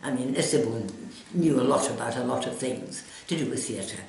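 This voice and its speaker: An older woman with a Scottish accent and an unusually deep voice spins her stories in a lively, sweeping way. Her voice swoops up and down as she talks. It was recorded in a very echoey room with a faint hiss behind her. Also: normal speed, gravelly. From Scotland. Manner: animated storyteller, chatty and vivid. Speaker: interviewee. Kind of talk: recalling memories in conversation.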